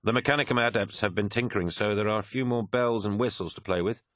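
A man's voice: fairly low pitch, fast talker, a bit bright, dry recording, clean studio sound, voice pushed up, close to an everyday voice. A man voicing an earnest, devout male war machine pilot who speaks with stubborn zeal in an audiobook. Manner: stubborn, zealous. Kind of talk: audiobook character voice.

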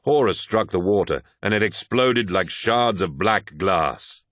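A man with a very deep voice reads a dark fantasy story in steady, dramatic narration. The recording is close and completely dry. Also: no echo. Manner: measured, dramatic. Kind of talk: scripted audiobook narration.

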